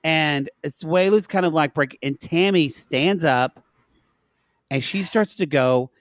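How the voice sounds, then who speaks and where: Animated male podcast host. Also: fairly high pitch, slow, no room sound, clean studio sound. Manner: animated retelling, quoting scenes. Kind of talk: casual recap chat.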